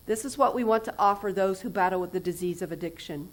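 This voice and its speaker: Woman guest speaker giving a sermon, earnest, goes quiet and whispery a lot. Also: mid-range voice, quick pace, hardly any pauses, a little hiss or hum, poor audio. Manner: earnest, drops to soft whispers for emphasis. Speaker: guest speaker, recovery house director. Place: church.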